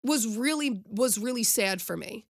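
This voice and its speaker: A woman's voice: fairly high pitch, expressive, a little slow, vocal fry, no room sound, clean studio sound. A young woman hosting her own podcast, giving passionate opinionated commentary and speaking straight to her listeners. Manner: impassioned, preachy, addresses listeners directly. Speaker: podcast host.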